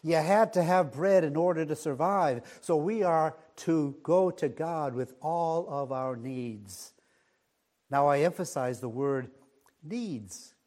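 Male preacher, unhurried sermon delivery, slightly high voice, hushed emphasis on key words. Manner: measured, dropping to a hush on key words.

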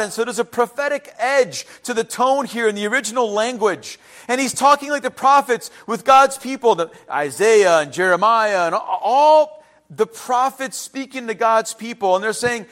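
A middle-aged male pastor delivering a sermon, swinging between loud emphatic lines and quiet personal asides. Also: high-pitched.

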